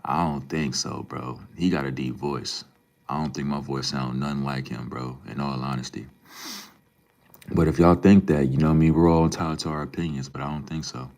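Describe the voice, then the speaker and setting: Young male streamer, extremely deep voice, relaxed slang-heavy banter with chat. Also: brisk. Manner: laid-back, slangy, calls viewers man and bro. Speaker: live streamer reading chat. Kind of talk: casual live-stream chat.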